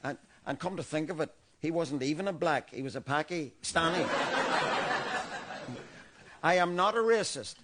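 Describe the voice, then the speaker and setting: A man's voice: fairly high pitch, animated, normal speed, long pauses, very noisy, natural voice. An actor playing a rigid, defensive older loyalist man from Belfast, with a Belfast accent and an insistent, pompous manner. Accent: Northern Irish, Belfast. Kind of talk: stage play acting.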